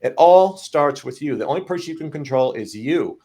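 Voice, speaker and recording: A man's voice: on the high side, lively intonation, brisk, warm tone. A man speaking earnestly as a podcast guest, stumbling over his starts. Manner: earnest, repeats himself when starting. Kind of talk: casual chat.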